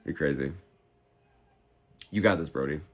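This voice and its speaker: A man in his twenties hosting a live fight watch-along, reading chat aloud and reacting in a profane, excitable way. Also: rumbling low, measured pace. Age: 20s. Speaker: live stream host.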